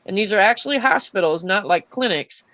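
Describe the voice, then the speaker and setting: A woman's voice: medium pitch, expressive, a little fast, fairly bright tone, no echo, highs cut off. A young adult woman who is an army veteran, telling stories in a casual chat with lots of fillers and restarts. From Florida. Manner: rambling storytelling with many fillers.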